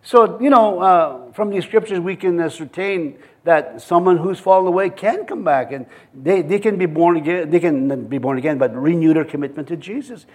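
Man preaching, high voice, church sermon, chuckles between scripture readings. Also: moderate pace, few pauses, a little mellow. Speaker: pastor.

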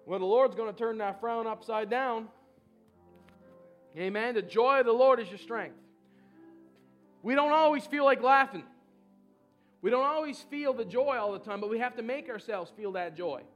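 A male pastor leading a charismatic church service, praying fervently and urging the congregation with shouts and laughter. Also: very high voice, moderate pace, long pauses, muffled recording, faint music behind.

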